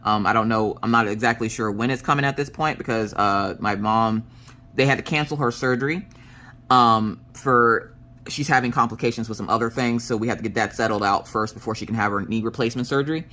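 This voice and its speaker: A woman in her thirties, a crafting vlogger, telling stories in a chatty, animated way with joking asides. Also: very deep voice, fairly quick. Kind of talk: casual storytelling chat.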